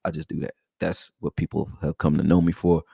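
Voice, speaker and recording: A man hosting a casual sports talk show, talking in slang and swinging from loud high exclamations to low mutters. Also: level tone, fairly quick, creaky, slightly rough, dry recording, clean studio sound. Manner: slangy, conversational.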